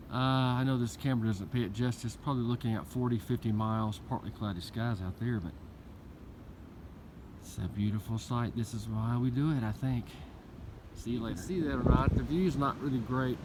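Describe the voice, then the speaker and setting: A man with a Southern accent talking to his handheld camera on a wooded mountaintop, in a rambling, folksy video diary. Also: mid-range voice. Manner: rambling, folksy, chatty with fillers. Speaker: thru-hiker vlogger. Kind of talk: casual video diary on the trail. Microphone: handheld camera mic. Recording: noisy outdoor camera audio.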